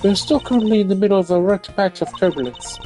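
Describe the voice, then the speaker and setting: A man voicing a poised, stern female flight attendant, pitched well above his own voice, making polite but firm announcements. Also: quick pace, warm tone, soft background music, close to an everyday voice.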